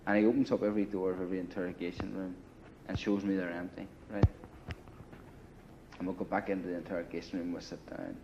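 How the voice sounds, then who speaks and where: He has a deep voice and a flat delivery, talking fast as an older Irish former paramilitary looking back on his past. Expect swearing and plenty of "you know" in his blunt, casual storytelling. Background noise accompanies the slightly muffled audio.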